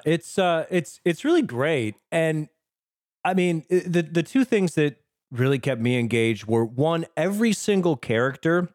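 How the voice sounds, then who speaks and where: Brief: man, mid-pitch, enthusiastic podcast co-host, dry close-miked sound. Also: darkish tone, no room sound. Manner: enthusiastic, descriptive. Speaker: podcast co-host, film discussion. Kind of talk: casual chat.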